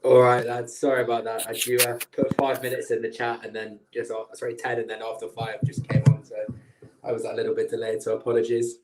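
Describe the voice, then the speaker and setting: A man's voice: mid-range voice, completely flat delivery, quick pace, a little hiss or hum, rough recording. A man joining a podcast call late, talking casually and apologetically. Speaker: podcast guest. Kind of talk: casual chat.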